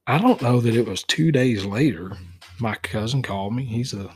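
A middle-aged man, a podcast guest who tells hunting stories in a casual, animated way and acts out the dialogue. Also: mid-range voice, moderate pace, husky, no echo. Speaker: guest, dog tracker for wounded deer. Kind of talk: casual storytelling.

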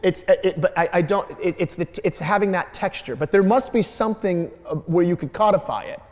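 A man's voice: high voice, a little fast, darkish tone. A middle-aged man from Detroit with a Midwestern American accent, a comedian answering audience questions in a Q&A, rambling and restarting his sentences often. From Detroit, Michigan. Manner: rambling, many restarts and stammered repeats. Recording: reverberant hall.

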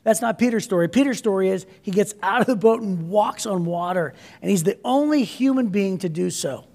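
A man preaching a sermon as a pastor, energetic and conversational, often checking in with "right?". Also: sits high, brisk, vocal fry. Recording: echoey hall reverb.

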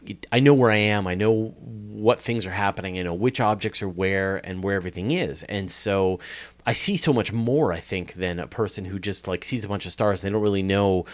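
With a deep voice and a Canadian accent, this astronomy podcast host fields interview questions, rambling eagerly and frequently starting over mid-sentence.

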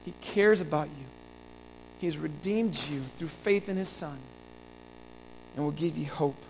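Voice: medium pitch, a little slow, a little mellow, a little hiss or hum, rough recording. Earnest pastor preaching a sermon. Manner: earnest, repeating phrases and building to emphatic peaks.

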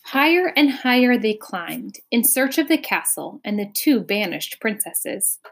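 A woman reading a children's novel aloud as narrator, with expressive, dramatic pacing. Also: fairly high pitch, measured pace. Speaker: audiobook narrator. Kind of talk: scripted story narration.

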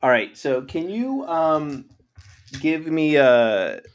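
A man's voice: fairly high pitch, sing-song, slow pace. A man playing a tabletop game, goofy and rambling, playful in character. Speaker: player.

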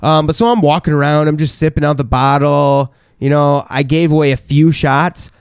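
A young man co-hosting a casual podcast, his voice sitting a little high and recorded dry and close. He tells rowdy, profane stories and shouts out the lines of the people in them. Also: fairly even intonation, moderate pace, smooth, dry recording. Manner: crude, rowdy storyteller who acts out quotes loudly. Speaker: podcast co-host. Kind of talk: casual chat.

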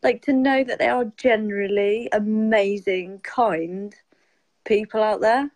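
A woman's voice: mid-range voice, fairly even intonation, measured pace, darkish tone, no echo, low-quality recording. A woman guest on a live stream, talking casually and emotionally, with many "like" fillers. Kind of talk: casual heartfelt chat.

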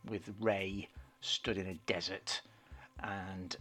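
A man's voice: on the low side, normal speed, fairly bright tone. A man co-hosting a podcast, chatting casually and boasting playfully about his fandom. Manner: playful, boasting fan banter. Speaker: podcast co-host. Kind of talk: casual chat.

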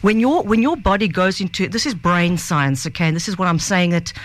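A woman, a guest on a radio show, telling stories in a lively way and acting out the voices of people she quotes. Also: lowish voice, brisk, no echo. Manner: animated storyteller, acts out quoted voices. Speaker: guest speaker on mental health. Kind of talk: studio interview.

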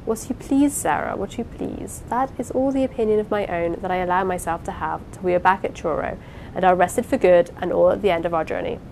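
A woman voicing a kindly old foreign man, a sorrowful uncle who speaks softly and pleadingly, in a storybook reading. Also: fairly low pitch, brisk, slight background noise, close to an everyday voice, rough recording.

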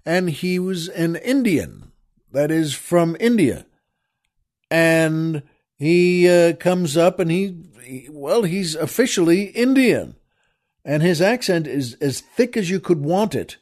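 A male radio host spins a long, digressive story, drifting off topic and circling back. He speaks straight to his listeners and often stops to restart a thought. His voice sits a bit higher than most men's. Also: expressive, a little mellow. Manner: rambling, digressive, with frequent pauses and restarts; addresses listeners directly. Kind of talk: storytelling monologue.

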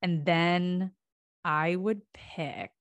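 A woman's voice: lowish voice, steady tone, extremely slow, no echo, lo-fi sound. A woman co-hosting a podcast, chatting casually and laughing often. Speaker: podcast co-host.

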